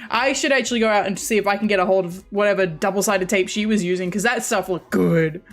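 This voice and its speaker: A woman's voice: medium pitch, fast talker. Rambling woman with a light Australian accent. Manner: rambling, with frequent restarts and self-corrections. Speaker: streamer. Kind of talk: casual chat to stream viewers.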